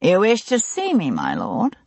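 A woman's voice: mid-range voice, wildly swooping pitch, a little slow, creaky, darkish tone, husky, no room sound, heavily acted. A woman voicing a tall former rifleman colonel who speaks in clipped, deferential replies in an audiobook.

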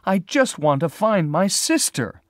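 A man's voice: mid-range voice, big pitch swings, measured pace, dry recording, studio quality, pitched above the performer's own voice. A man voicing a worried young woman who is searching for her missing sister, pleading and emotional.

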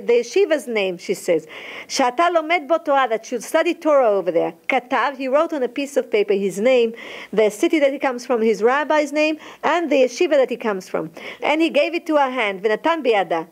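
A woman teaching a Torah lesson, quickly reading the text aloud and then retelling it slowly in her own words, often stopping to correct herself. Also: sits high, expressive. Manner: alternates rapid Hebrew reading with slower English retelling, frequent restarts.

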